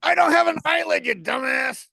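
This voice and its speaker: A man's voice: very high voice, normal speed, vocal fry, bright, forceful tone, dry recording, pitched above the performer's own voice, full character voice. A man voicing a boozy, sarcastic male orb puppet in a ventriloquist act, trading insults. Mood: mocking.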